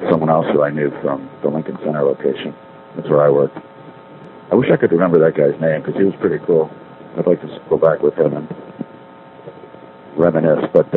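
A middle-aged man calling from a street payphone, rambling wryly and correcting himself as he talks. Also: extremely low pitch. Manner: meandering, self-correcting, wry. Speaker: caller leaving a spoken diary. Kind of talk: rambling casual monologue. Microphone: payphone handset. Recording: tinny payphone line with faint street noise.

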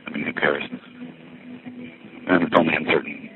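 His bass voice stays level at a moderate pace as the slightly winded man walks through a busy city filming a rambling vlog on his phone. He muses and wanders off topic, interrupting himself, over a tinny, phone-like recording with faint music.

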